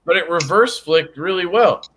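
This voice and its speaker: A man's voice: high-pitched, lively intonation, moderate pace, background noise. A man hosting a casual chat, joking crudely and talking with lots of energy. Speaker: host.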